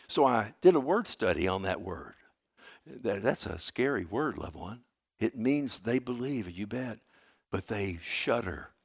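A fervent male pastor preaching in church, his pitch rising and falling widely and his loudness surging and dropping. He repeats himself for emphasis and speaks straight to the congregation as "loved one". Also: gravelly, dry recording, clean studio sound. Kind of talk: sermon. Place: church service.

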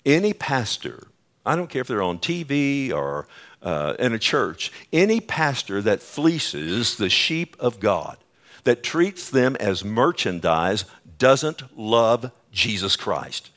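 A man preaching a sermon as a pastor, emphatic and repetitive, calling out to his listeners and dropping suddenly soft for effect. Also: mid-range voice, animated, unhurried. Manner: acts out quoted dialogue, repeats calls like "Amen?" and "Listen".

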